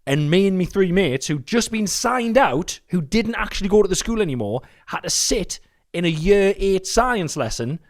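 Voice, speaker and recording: Man, podcast co-host, swears a lot, lively up-and-down voice, casual storytelling. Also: high voice, moderate pace, few pauses. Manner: swears freely, animated storytelling. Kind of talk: casual chat.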